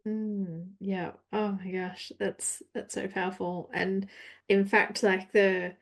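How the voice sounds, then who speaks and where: Host: woman, mid-pitched voice, effusive and rambling questions, podcast interview. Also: little pitch movement, takes it slowly, creaky. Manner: effusive, many fillers like "like".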